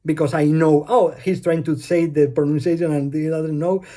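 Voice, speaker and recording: A man's voice: a little high, steady tone, moderate pace, warm tone. Blunt man with a Spanish accent. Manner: blunt, rambling, swears offhandedly. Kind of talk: casual monologue.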